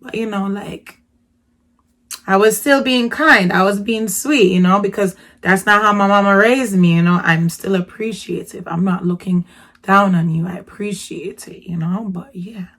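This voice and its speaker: A woman vlogger telling a story in a casual, slangy way, jumping between hushed asides and loud exclamations. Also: mid-range voice, fairly even intonation, normal speed.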